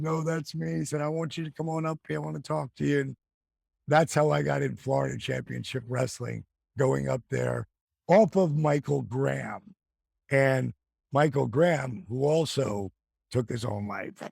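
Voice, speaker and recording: Male guest, gravelly and a bit husky, lively anecdote-teller, dry close mic. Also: medium pitch, no room sound. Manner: animated storyteller acting out quoted voices. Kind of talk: storytelling.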